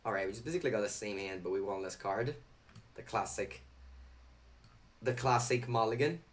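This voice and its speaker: A man's voice: fairly low pitch, moderate pace. Chatty young man streaming a card game. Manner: chatty, reads viewer chat aloud and answers it. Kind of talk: live game stream commentary.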